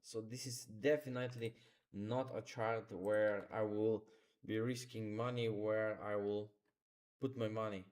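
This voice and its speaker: A trading streamer gives live market commentary, talking through charts in real time. His voice is fairly low, steady and somewhat dark, and he speaks a little slowly. He's instructive, tends to repeat phrases, and uses non-native grammar.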